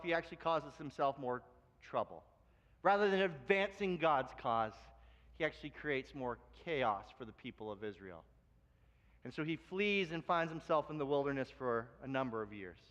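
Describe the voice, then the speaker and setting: Man, pastor, high voice, animated sermon, long hall reverb. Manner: animated storytelling, acts out quoted voices. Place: church sanctuary.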